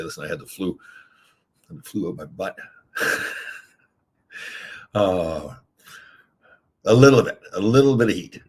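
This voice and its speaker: Man, older, deep voice, very raspy, rambling livestream host, chuckling, candid. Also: fairly bright tone. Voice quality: very husky low voice. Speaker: livestream host reading chat. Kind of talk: rambling casual livestream chat.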